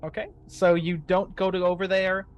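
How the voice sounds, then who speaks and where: A man running a tabletop horror game as game master, narrating scenes slowly for suspense. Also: sits high, level tone, highs cut off, soft background music.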